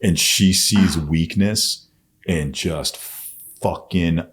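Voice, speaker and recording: A man's voice: low voice, drawn-out words, fairly bright tone. A man telling his own story as a podcast guest, bluntly and with constant swearing. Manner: blunt, heavy swearing, intense retelling. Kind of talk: candid storytelling.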